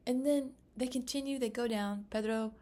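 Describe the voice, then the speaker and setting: Young woman vlogger, lowish voice, chatty and rambling to camera. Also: normal speed. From United States. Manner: chatty, rambling, animated asides. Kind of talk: casual chat to camera.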